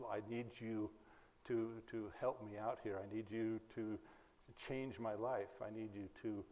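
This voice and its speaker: A man from the Berkeley, California area preaching an informal sermon in a fairly low voice. He talks in a folksy, conversational way, full of personal anecdotes. His voice rings out with a long reverb in a large hall. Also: darkish tone. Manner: conversational, folksy, chuckles at his own jokes.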